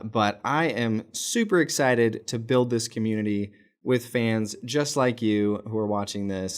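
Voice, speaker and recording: An American man in his thirties hosting a fan channel, talking casually to camera with lots of filler words. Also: lowish voice. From United States. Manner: chatty and rambling, many filler words.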